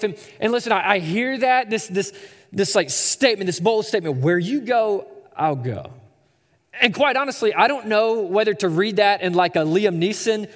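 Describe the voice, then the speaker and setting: A man's voice: sits high, expressive, normal speed, fairly bright tone. A man in his thirties preaching a sermon as a pastor, conversational and storytelling, with stammering repeats. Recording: echoey hall reverb.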